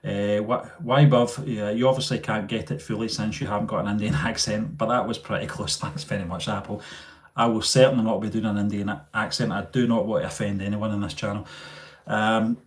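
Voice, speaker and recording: A man's voice: on the low side, steady tone, a little fast. A man hosting a rambling live chat with viewers, full of fillers and restarts, recorded on a mobile phone. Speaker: channel host.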